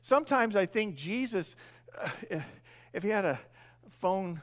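Male pastor, middle-aged, high-pitched and animated, sermon with acted-out voices. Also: normal speed. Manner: animated, acts out the disciples' voices.

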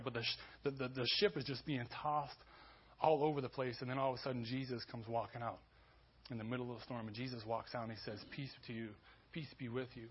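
Male pastor, sermon, husky voice, muffled lo-fi recording, conversational with restarts. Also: mid-range voice. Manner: conversational preaching, with restarts and rising emphasis. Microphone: church sermon recording.

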